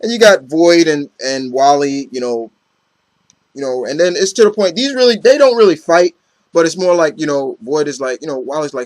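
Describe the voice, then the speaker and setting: A man's voice: fairly high pitch, expressive, moderate pace, no echo. A man casually recapping a comic book story, rambling with lots of fillers and acting out the characters' lines. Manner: rambling, heavy on fillers, acts out quotes.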